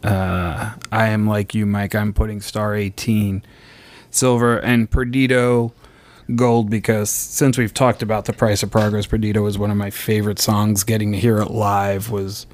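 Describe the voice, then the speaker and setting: Low-voiced man hosting a podcast. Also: flat delivery, normal speed, a little mellow. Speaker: podcast host. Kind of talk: casual podcast chat.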